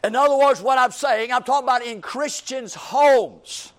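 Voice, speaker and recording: Very high-voiced fiery male preacher. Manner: impassioned, swings from shouts to low intense passages; repetitive, drawn-out emphasis. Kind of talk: fiery church sermon.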